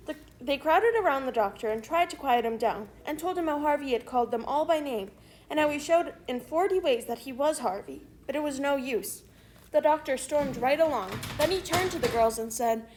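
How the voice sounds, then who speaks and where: A woman reading a classic story aloud for English learners, in slow, even scripted narration. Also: high-pitched.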